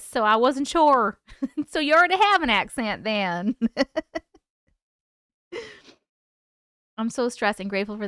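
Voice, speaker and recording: A woman hosts a home live stream, tired yet chatty, greeting viewers by name. Her voice is bright and smooth, with a lively, swooping pitch. The sound is close and dry. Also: no echo. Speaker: host. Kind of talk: casual live-stream chat reading comments.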